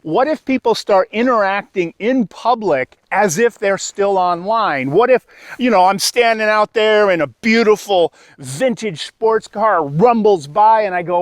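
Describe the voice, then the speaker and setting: A male stand-up comedian with a high voice tells a rambling story, jumping into the voices of the people in it. The sound is dry and close, with no room around it. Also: unhurried, no room sound. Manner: acts out characters with sudden high-pitched voices.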